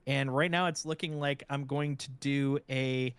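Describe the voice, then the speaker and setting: A man who is a guest streamer in a casual chat, talking in a relaxed way with many filler words. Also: mid-range voice, a little slow, clear, resonant tone, dry recording.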